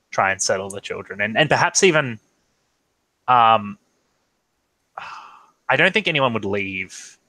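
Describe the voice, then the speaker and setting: A man's voice: lowish voice, sharp tone, no room sound, poor audio. A man running a tabletop role-playing game over an online call, narrating the scene in a hesitant way full of ums and restarts. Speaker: game master. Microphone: online video call.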